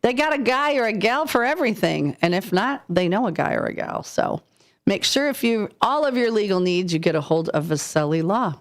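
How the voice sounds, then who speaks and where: A woman's voice: medium pitch, animated, a little fast. A woman hosting a morning radio show, talking in a chatty, teasing, playful way. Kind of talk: casual on-air banter. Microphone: studio microphone.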